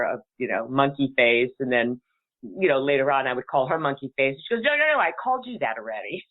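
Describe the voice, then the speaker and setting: A middle-aged woman hosting a radio talk show, chatting and telling stories in a rambling way and laughing often. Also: low voice. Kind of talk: casual chat and storytelling. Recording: tinny phone-like line.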